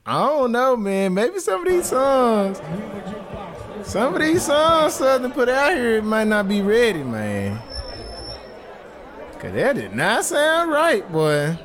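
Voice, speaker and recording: A young man hosting a casual reaction video, talking in an animated, dramatic way and laughing often. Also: very high voice, slow, a faint crowd. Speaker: band reaction host. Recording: music playing loudly behind. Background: marching band music.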